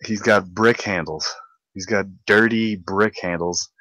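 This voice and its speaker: A young man hosting a casual podcast, ranting in a rambling, excitable way with lots of repeated words. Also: lowish voice, a little slow, no room sound, muffled recording. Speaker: podcast host.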